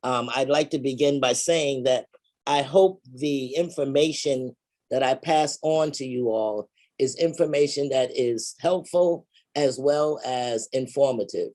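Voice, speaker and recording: A woman giving a measured, explanatory presentation on funeral pre-planning over a video call. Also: extremely low pitch, dark tone.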